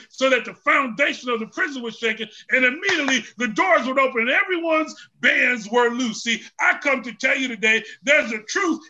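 High, bright-voiced male preacher shouting. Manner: call-and-response preaching, rising to shouts. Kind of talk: sermon.

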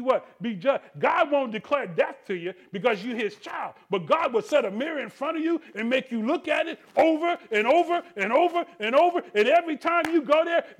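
A male pastor preaching a sermon in church, calling out to the congregation and swinging between hushed tender asides and shouted refrains. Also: extremely high pitch. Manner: preaching with call-and-response, rising to shouts; drops to soft tender voice for quoted lines.

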